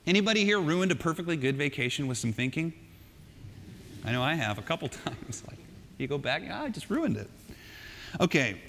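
A male pastor preaches in a chatty, animated way, slipping in joking asides as he tells the story. His voice sits a little high with a bright, forceful edge. The sound carries a long reverb from the church sanctuary. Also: a little fast, a little hiss or hum. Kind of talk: sermon.

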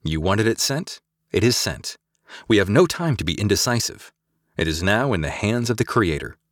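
A quiet, devout male navigator with a dropped, muttering voice and formal, measured phrasing, as a narrator puts him on. The reading sounds close and dry, with no room around it. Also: on the low side, very animated, dry recording. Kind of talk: scripted audiobook acting.

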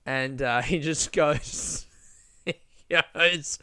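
A man's voice: fairly high pitch, drawn-out words, pushed and bright, clean tone, no room sound, clean studio sound. A young Australian man, a stand-up comedian, rambling through a profane, self-mocking casual monologue.

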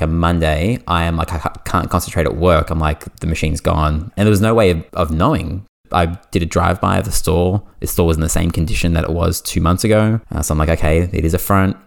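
Low-voiced Australian man telling a story. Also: gravelly. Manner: animated, fast anecdote with lots of "like" fillers. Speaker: podcast host. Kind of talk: casual storytelling.

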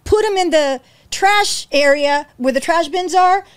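A woman appearing as a guest on a podcast, who founded a rescue, tells animated stories in conversation. She acts out quotes with big jumps in pitch, restarts quickly, and sounds emotional and close to tears.

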